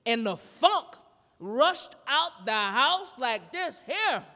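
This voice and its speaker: A woman performing a standup comedy routine live, telling a story in a brash, profane, animated way. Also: high-pitched, slow, long reverb tail. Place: live performance in a gallery space.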